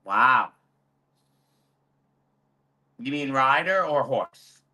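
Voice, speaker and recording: A man's voice: medium pitch, expressive, slow pace, pushed and bright. A man, a horse trainer and show judge, earnestly explaining his views as a guest over a video call, repeating his key points for emphasis. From United States. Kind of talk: expert guest answering questions.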